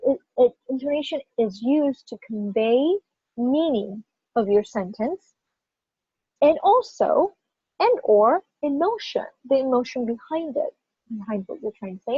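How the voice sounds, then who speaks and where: A woman teaching a pronunciation lesson to students, animated and stressing single words in example sentences, checking in often with "right?". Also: on the high side, slightly rough, no echo. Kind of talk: classroom teaching. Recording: dull lo-fi sound.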